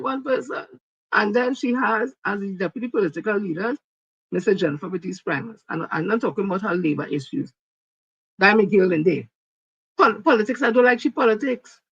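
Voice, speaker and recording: A woman with a Trinidadian accent giving emphatic, repetitive political commentary on a live stream, sometimes rising to shouts. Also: medium pitch, slightly rough, no room sound, lo-fi sound.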